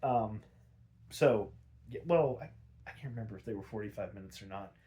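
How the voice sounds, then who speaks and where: With a lowish, warm voice and a brisk delivery, a man hosts a podcast where he recaps an episode. His casual, rambling talk is full of fillers and relaxed cursing.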